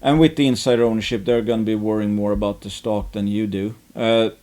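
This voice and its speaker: A man running an investing channel rambles through casual market commentary on stocks, full of fillers and restarts. His voice is lowish, steady, and a little mellow, and he speaks briskly.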